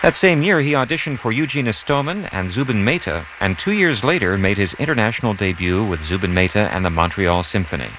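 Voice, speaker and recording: A man hosting a classical radio broadcast, reading scripted announcements in a measured, announcer-like way. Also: lowish voice, expressive, background noise. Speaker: radio host.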